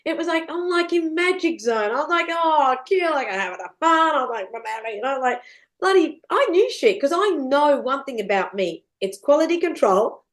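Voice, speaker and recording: Animated woman, lively swooping pitch. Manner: swears freely, laughs often, big swings in pitch and loudness. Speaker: podcast guest. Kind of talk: animated storytelling chat.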